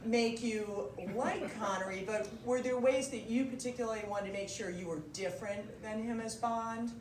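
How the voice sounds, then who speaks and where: A woman's voice: fairly high pitch, moderate pace. A woman interviewing a guest on stage, asking upbeat questions with easy laughs. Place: museum event hall with audience. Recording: echoey hall from far off, noisy.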